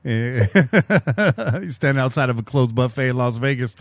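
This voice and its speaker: A man's voice: mid-range voice, lively intonation, slow pace, dry recording. A man co-hosting a casual sports podcast, joking and laughing often. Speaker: podcast co-host.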